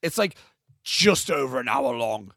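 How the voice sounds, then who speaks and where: A man's voice: medium pitch, big pitch swings, unhurried, fairly bright tone, no room sound, clean studio sound. A young man, co-hosting a podcast and chatting animatedly with lots of fillers. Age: young adult. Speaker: podcast co-host. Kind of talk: casual chat.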